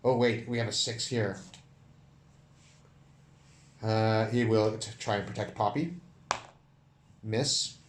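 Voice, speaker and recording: Give me a man with a low voice narrating a solo tabletop game in an echoey room, faint clicks behind. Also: slow pace, long pauses, a little hiss or hum. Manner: counts dice aloud, animated narration. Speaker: solo game master and player.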